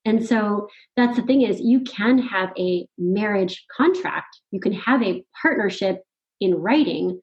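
A middle-aged woman recounts a personal turning point in relaxed podcast conversation. Her voice sits at a medium pitch, and she talks animatedly with frequent laughter. The audio is slightly dull and lo-fi. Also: unhurried. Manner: animated, laughs often, quotes her own thoughts. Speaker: podcast guest. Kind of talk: casual conversational storytelling.

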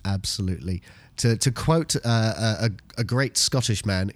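Male podcast co-host, animated, stumbles and repeats, dry sound. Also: on the low side, moderate pace, dry recording. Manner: animated, repeats words while thinking. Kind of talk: casual chat.

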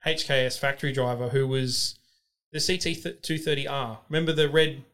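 A man telling excited stories in casual chat, swearing freely and using lots of fillers. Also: medium pitch, a little fast. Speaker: podcast guest.

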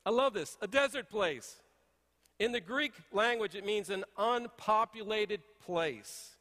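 Pastor preaching in a reverberant hall. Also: male voice, high-pitched, unhurried. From Texas. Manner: folksy storytelling, swings between hushed and emphatic. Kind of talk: sermon. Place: church sanctuary.

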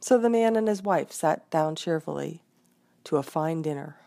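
Woman storyteller, slightly low voice, expressive folk tale reading. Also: moderate pace, vocal fry.

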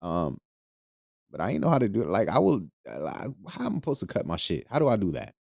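Man, podcast host, crude joking rant, low mellow voice, dry close sound. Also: wildly swooping pitch, fast talker, vocal fry, no echo. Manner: crude, joking, loose and rambling, laughs often.

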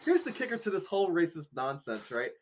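A man co-hosting a casual podcast, telling a story with lots of laughter and animated asides. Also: on the high side, fairly quick, a crowd in the background. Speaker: podcast co-host.

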